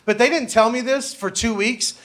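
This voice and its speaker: A man's voice: very high voice, normal speed, fairly bright tone. A man doing a stand-up set in a comedy club, telling a story loosely and building to exasperated punchlines.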